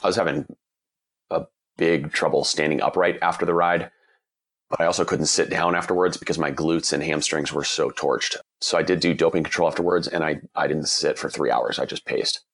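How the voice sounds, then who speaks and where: Very deep-voiced man, slightly husky. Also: steady tone, brisk, a bit bright. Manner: earnest, candid, with frequent restarts. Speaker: guest, endurance cyclist. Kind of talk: reflective interview answers.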